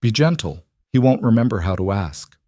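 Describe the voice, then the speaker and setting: A stern, protective woman, as a narrator puts her on, low and final, close to the narrator's own deepish voice. The sound is dry and close. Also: expressive, normal speed, mellow, dry recording, natural voice. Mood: hushed.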